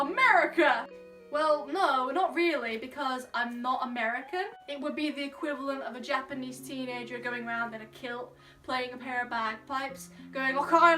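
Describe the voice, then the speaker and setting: A young woman from Scotland with a high voice answers comments with sassy, playful comebacks in a casual vlog. She sits a little back from the mic, and clear background music plays under her. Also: a bit bright, distant mic. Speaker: YouTuber reading comments.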